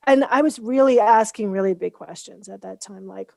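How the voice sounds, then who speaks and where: Lively woman telling a story on a dry call. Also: medium pitch, normal speed, creaky, hardly any pauses, no echo, soft background music. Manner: animated storyteller acting out quoted dialogue. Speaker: guest, founder of a coaching method. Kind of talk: casual storytelling interview.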